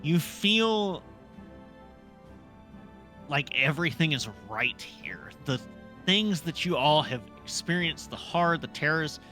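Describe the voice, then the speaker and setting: A man narrating a tabletop role-playing game as dungeon master, setting scenes in an unhurried, descriptive way. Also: a little high, animated, bright, forceful tone, faint music behind.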